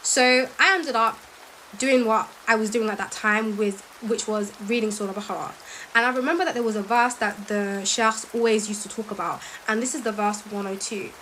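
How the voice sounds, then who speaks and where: A woman, telling a story in an animated, emphatic way and reciting verses quickly. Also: on the high side, a little hiss or hum, low-quality recording. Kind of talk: casual storytelling.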